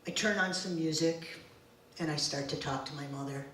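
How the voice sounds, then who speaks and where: A woman in her forties telling a personal story live on stage, slow, deliberate and emotional in the first person. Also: deep voice, a bit bright, a little hiss or hum. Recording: very echoey room, distant mic, faint ambience.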